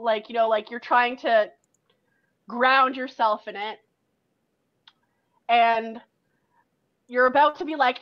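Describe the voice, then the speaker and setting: A woman's voice: high-pitched, slow pace, long pauses. A woman game master narrating a tabletop game in second person, in a loose way full of likes and ums. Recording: dull lo-fi recording.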